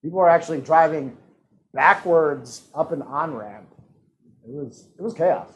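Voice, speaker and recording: A man's voice: a little high, unhurried, poor audio. A man hosting a live-streamed trivia game, reading questions and answer options in a playful, teasing way. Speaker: trivia host.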